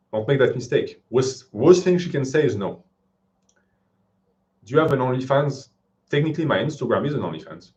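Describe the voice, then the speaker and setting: A man's voice: medium pitch, darkish tone. A man with a French accent hosting a live-stream Q&A, answering questions in a blunt, offhand way. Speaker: fitness channel host. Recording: dull lo-fi stream audio.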